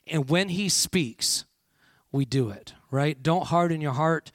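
A man's voice: on the high side, takes it slowly, dry recording, clean studio sound. A man preaching a sermon to a congregation, with frequent call-and-response and "all right" checks. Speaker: pastor.

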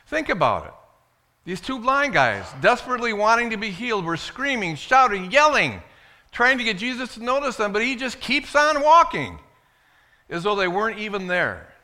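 A male preacher delivers a sermon with a lively, wide-ranging pitch. His voice is bright and forceful. He swings between loud, emphatic lines and hushed asides. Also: normal speed. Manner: animated, swings from loud to hushed, dramatic retelling.

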